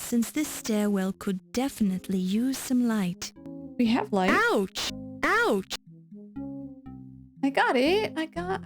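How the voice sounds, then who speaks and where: A woman streaming a game, chatting and reading its text aloud with stumbles and restarts. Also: fairly high pitch. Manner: unhurried, reads with stumbles and restarts. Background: faint game music.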